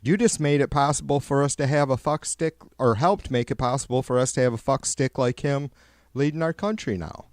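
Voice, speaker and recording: A man hosting a livestream, ranting with heavy swearing and sarcasm, rambling and getting louder when worked up. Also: medium pitch, fairly quick, no echo, studio quality. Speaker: livestream host. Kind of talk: profane political rant.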